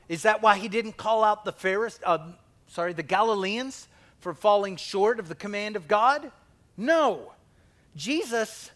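High-voiced preacher. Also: male voice, a bit bright. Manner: conversational preaching, questions to the congregation, acted-out quotes. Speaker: pastor. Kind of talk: sermon.

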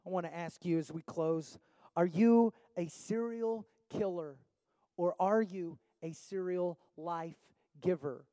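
A man's voice: high voice, takes it slowly, dark tone, no echo. A man pastor preaching a sermon with rhetorical questions, building to an impassioned altar call.

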